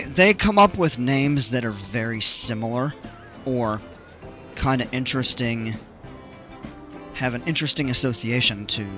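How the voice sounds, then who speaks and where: A man giving casual commentary while playing a building game, thinking aloud with fillers, his voice a little hoarse. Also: medium pitch, sharp tone. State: slightly hoarse, regaining voice. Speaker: gaming video creator.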